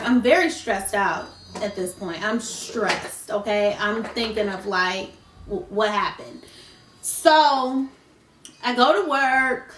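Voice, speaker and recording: A woman's voice: high-pitched, bright, forceful tone, far from the mic. A woman telling a storytime on her vlog, speaking casually and animatedly straight to her viewers. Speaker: vlogger. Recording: roomy, off-mic, faint noise.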